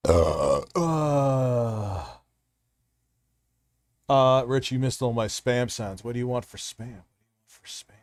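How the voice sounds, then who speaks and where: A man's voice: medium pitch, lively intonation, slow, pauses often, dry recording, clean studio sound. A man hosting a live stream, chatting casually and rambling with heavy profanity as he talks straight to his chat.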